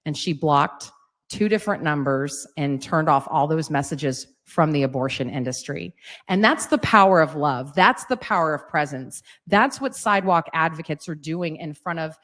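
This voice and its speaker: A woman's voice: low voice, lively intonation, normal speed, fairly bright tone. A middle-aged woman giving a webcast talk, telling a story fervently and earnestly, with frequent "right?" asides. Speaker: speaker at an advocacy webcast.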